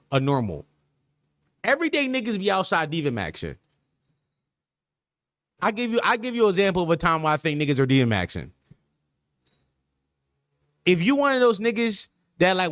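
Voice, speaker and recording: Sex: man. Role: podcast host. Style: casual streaming chat. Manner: animated, slang-heavy riffing. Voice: high, lively pitch. Sound: dry and close. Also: no room sound.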